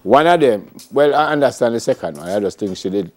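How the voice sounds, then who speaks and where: A man's voice: medium pitch, a little fast, soft background music. A Jamaican man hosting a morning show, telling childhood stories in casual chat and laughing often. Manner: lively storytelling, laughs often.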